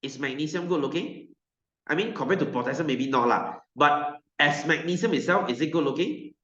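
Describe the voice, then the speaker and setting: A man's voice: mid-range voice, fairly bright tone. A man with a Malaysian English accent teaching a science class online in a playful, joking, chatty way. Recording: echoey room, slightly dull lo-fi sound.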